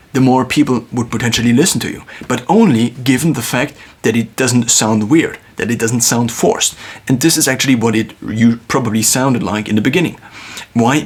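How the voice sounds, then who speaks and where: A man thinking aloud in a reflective solo monologue, musing with pauses and restarts, recorded on a phone. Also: medium pitch, husky. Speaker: video creator.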